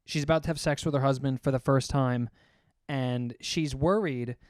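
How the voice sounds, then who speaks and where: On a casual podcast, a young male co-host tells crude jokes, swearing a lot and laughing at his own punchlines. His voice is mid-range and a little mellow, with fairly even intonation and normal speed, recorded at studio quality with no echo.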